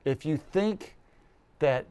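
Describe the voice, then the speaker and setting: Emphatic priest with a mellow voice. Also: male voice, fairly high pitch, expressive, clean tone. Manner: emphatic, slows down for stress. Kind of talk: sermon with Gospel reading.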